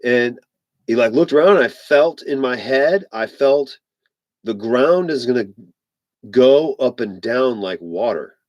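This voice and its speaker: A man's voice: mid-range voice, lively intonation, measured pace, a little mellow, dry recording, lo-fi sound. A man telling a personal story in a casual, rambling way, full of fillers and repeated "I was like". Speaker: vlogger.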